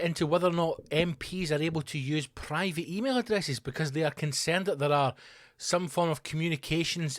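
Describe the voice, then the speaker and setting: A man's voice: fairly high pitch, a bit bright, dry recording, studio quality. A man hosting his own podcast, delivering a sweary, sarcastic comedic rant. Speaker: podcast host. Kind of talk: ranting comedic monologue.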